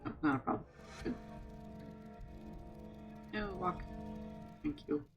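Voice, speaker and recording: A man's voice: high voice, slow, dull audio, over music. Chatty man streaming a game. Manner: chatty, reads game notes aloud, talks to himself. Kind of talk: casual let's-play commentary.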